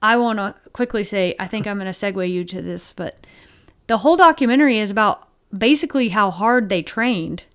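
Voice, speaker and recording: A woman co-hosting a podcast, talking casually and with animated disbelief, often laughing as she talks. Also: mid-range voice, a little fast. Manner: animated, incredulous, laughing asides. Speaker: podcast co-host. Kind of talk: casual chat.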